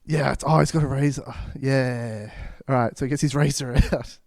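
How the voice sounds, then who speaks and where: A man's voice: mid-range voice, fairly even intonation, creaky, darkish tone, dry recording, studio quality. A man, co-hosting a comedy podcast and improvising a story, playfully slipping into character voices. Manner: playful, acts out characters with quick voice changes. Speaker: podcast co-host.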